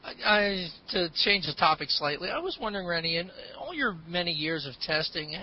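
A man co-hosting a podcast, asking a guest a halting, soft-spoken question. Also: sits high, lively intonation. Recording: distant lo-fi audio with faint hiss.

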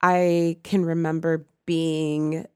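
A woman born in the Caribbean, with Spanish as her first language, talks in a relaxed conversation. She tells stories with lively energy and frequent laughter. Her voice sits a little low and sounds dry and close. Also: slow, clear, resonant tone, dry recording. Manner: animated storyteller, laughs often. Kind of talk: casual conversation.

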